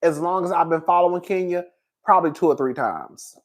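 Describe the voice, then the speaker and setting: Reading through his chat on a laid-back gossip stream, this man is sassy and theatrical, hamming things up for effect, laughing a lot and addressing everyone as "girl." His voice is a little high and his delivery brisk.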